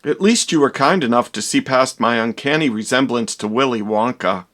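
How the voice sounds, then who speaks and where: A man's voice: medium pitch, normal speed, fairly bright tone, close to an everyday voice. A man playing a vain, dramatic young doctor in a comedy parody, with theatrical, exaggerated delivery.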